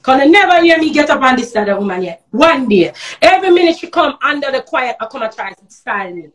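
A woman's voice: high voice, big pitch swings, quick pace. A woman with a Jamaican accent ranting heatedly on a live stream, firing off rhetorical questions and swearing in patois. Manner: patois slang and profanity. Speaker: social media personality.

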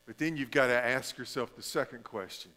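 A male pastor preaching a sermon, shifting between emphatic stretches and hushed, drawn-out phrases. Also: mid-range voice, big-room sound.

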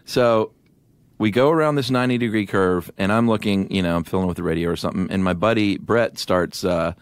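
A middle-aged man co-hosting a podcast, telling a story in a casual, animated way on a studio microphone. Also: low-pitched, brisk, clear, resonant tone, dry recording. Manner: animated storyteller with restarts and laughs. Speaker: podcast co-host.

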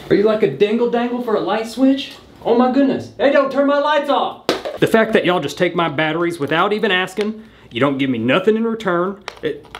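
A man's voice: sits high, creaky, a little hiss or hum. A man hosting a comedic product-review vlog, sarcastically roasting cheap props with bursts of laughter. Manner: bursts of laughter and startled yelps.

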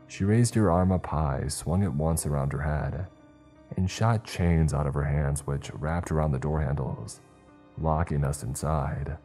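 A man's voice: extremely low pitch, a little slow, warm tone, faint music behind. A man narrating a scripted horror story with dry, wry humour.

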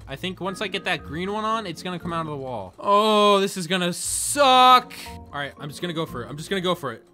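A young man narrating his own gameplay, excitable and quick to dramatic groans and outbursts. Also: high-pitched. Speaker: gaming video host. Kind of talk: gameplay commentary.

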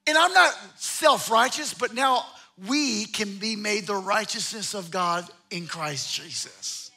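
A man's voice: sits high, slow pace, pushed and bright. A man preaching a sermon as pastor, emphatic, with repeated phrases and restarts.

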